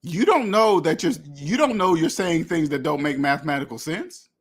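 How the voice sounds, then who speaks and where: Blunt, lecturing man, slightly high voice. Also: lively intonation, moderate pace. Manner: blunt, repetitive, lecturing, with many restarts. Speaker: finance channel host. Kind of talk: direct-to-camera rant.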